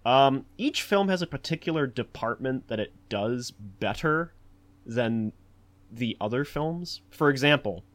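A man leads a relaxed film discussion in an ordinary, mid-range voice. He rambles through fillers and restarts, then turns animated. His delivery is loose and conversational. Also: medium pitch, unhurried. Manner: animated, acts out quotes in a raised voice. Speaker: podcast host.

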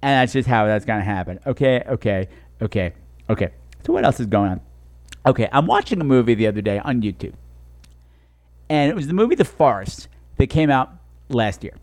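A man's voice: mid-range voice, animated, a little fast, pauses often, darkish tone. A man hosting a talk show, telling stories in a profane, sarcastic comedic rant and slipping into mocking voices.

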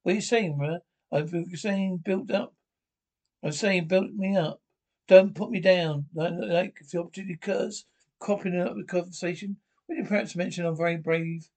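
British sitcom banter, high-pitched and squabbling. Lines fly back and forth in a quick comic rhythm. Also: male voice, fairly even intonation, darkish tone. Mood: bickering.

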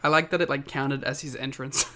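A man's voice: mid-range voice, fairly even intonation, a little fast, sharp tone. A young Australian man with an Australian accent, co-hosting a podcast in casual, wry, laughing chat. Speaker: podcast co-host.

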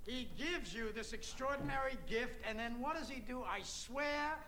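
A man's voice: extremely high pitch, moderate pace, sharp tone, slight background noise. An actor playing the Devil as a middle-aged man, delivering a mocking, preaching tirade in a film scene. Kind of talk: film dialogue.

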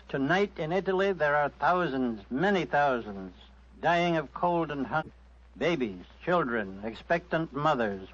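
A man's voice: on the high side, fairly bright tone. A man giving a solemn, urgent public appeal over the radio. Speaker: guest speaker. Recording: dull lo-fi old radio recording.

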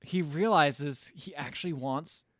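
A man's voice: a little high, unhurried, no room sound, studio quality. A man co-hosting a podcast, casually retelling a film's plot in a loose, rambling way. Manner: rambling, loose storytelling with frequent restarts. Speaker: podcast co-host. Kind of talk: casual chat recapping a film.

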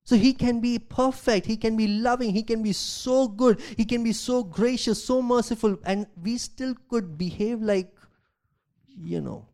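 A man, a pastor, preaching a sermon, reading scripture aloud and asking rhetorical questions, swinging from loud emphasis to quiet asides. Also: very high-pitched, unhurried. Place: church.

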